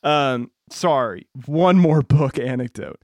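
A man's voice: mid-range voice, takes it slowly, no echo, clean studio sound. A young adult man co-hosting a podcast, chatty and laughing often in casual talk. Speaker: podcast co-host. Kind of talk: casual chat.

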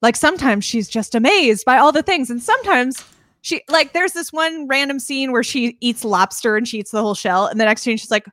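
Woman podcast co-host, lively higher voice, dry close sound, casual film chat. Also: a little fast, dry recording. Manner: animated, acts out scenes in voices. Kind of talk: casual movie discussion.

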